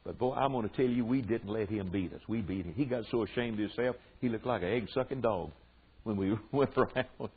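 Older Southern preacher, husky, tinny recording. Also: male voice, on the low side. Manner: drawn-out emphatic delivery with folksy asides. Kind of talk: sermon teaching to men.

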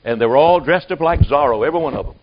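A man with a fairly high voice preaching a sermon, telling stories in a plain folksy way. The recording is dull and lo-fi, with muffled highs. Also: lively intonation, racing. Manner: folksy storytelling.

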